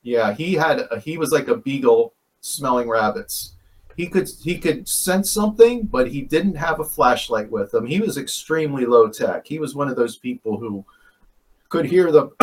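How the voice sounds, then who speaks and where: A man's voice: mid-range voice, animated, normal speed. Rambling man telling ghost-hunt stories. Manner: rambling, self-correcting, chuckles. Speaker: paranormal investigator guest. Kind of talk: casual storytelling.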